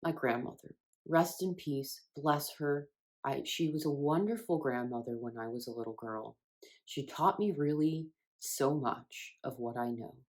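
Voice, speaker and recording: A woman speaking as a spiritual wellness creator in a reflective self-help monologue, earnest and expressive, with sudden rises in emphasis. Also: rumbling low, unhurried.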